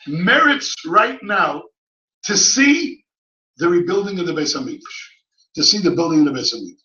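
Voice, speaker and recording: A man giving an impassioned Torah lecture at a yeshiva, speaking yeshiva English full of Hebrew terms and rising to shouted pleas. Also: high-pitched. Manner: swells from quiet teaching to crying, shouted pleas. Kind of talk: impassioned sermon. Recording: echoey hall, mic at a distance, dull sound.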